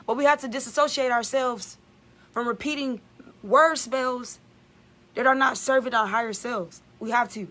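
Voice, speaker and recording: A woman's voice: a little high, normal speed, bright, forceful tone. A woman giving an emphatic, repetitive spiritual vlog monologue as a channeler.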